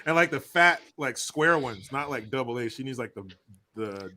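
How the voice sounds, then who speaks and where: A man's voice: medium pitch, lively intonation, normal speed, sharp tone. A man hosting a podcast in casual chat, joking and swearing freely as he reads news aloud. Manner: profane, joking banter. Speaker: podcast host.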